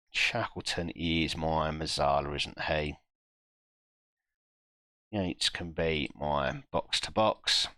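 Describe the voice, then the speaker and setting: A man streaming a football management game, reacting live with self-mocking groans and quick asides to chat. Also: sits low, pushed and bright, clean tone, no room sound.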